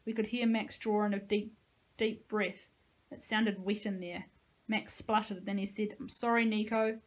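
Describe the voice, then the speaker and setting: A woman, a teacher, reading a novel aloud with expressive, dramatic storytelling. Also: mid-range voice, a little slow, rough recording.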